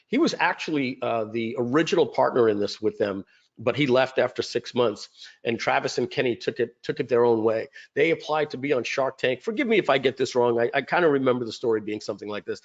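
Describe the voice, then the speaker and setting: At home, a company founder presents a webinar, telling his company's story casually and in a rambling way, full of fillers and restarts. His voice is medium-pitched, and the sound is lo-fi.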